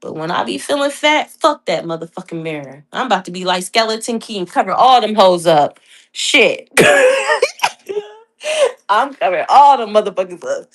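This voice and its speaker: A young woman hosting a casual chat, telling stories loudly and profanely, laughing often. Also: medium pitch, expressive, fairly quick. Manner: loud, profane, laughing storyteller. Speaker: podcast host.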